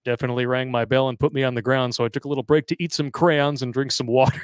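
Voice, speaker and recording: A man's voice: medium pitch, fairly even intonation, rapid-fire, clear, resonant tone, no room sound. A man hosting a live show, reading a story aloud in a crude, jokey way and laughing often. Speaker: podcast host reading a listener story. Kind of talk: casual live-stream chat.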